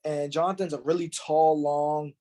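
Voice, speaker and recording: A middle-aged man hosting a podcast, telling stories in an animated, profane way and acting out the quotes. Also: a little high, normal speed. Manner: animated, profane storyteller who acts out quotes. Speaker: podcast host. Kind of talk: casual podcast chat.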